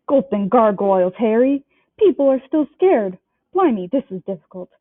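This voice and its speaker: A woman reading a storybook aloud and voicing a big, gruff, kindly male giant who blusters in a rustic dialect. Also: a little high, sing-song, normal speed, dry recording. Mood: worried. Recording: dry, tinny phone-like sound.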